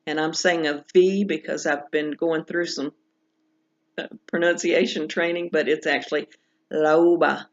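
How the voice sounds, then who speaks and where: In a recorded pronunciation lesson, a woman patiently works through examples, repeating each one slowly. Her voice is low-pitched and steady, and the recording is dull and lo-fi.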